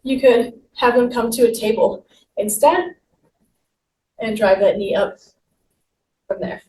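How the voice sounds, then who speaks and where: A woman's voice: fairly high pitch, measured pace, warm tone. A woman leading a guided exercise class, giving upbeat, encouraging cues while she moves along. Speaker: fitness instructor. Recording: roomy, distant mic with faint noise.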